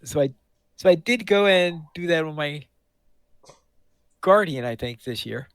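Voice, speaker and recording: Halting man, slightly high voice. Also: lively intonation, fairly bright tone, slight background noise. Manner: halting, repeats words while thinking. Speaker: podcast co-host. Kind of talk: casual chat.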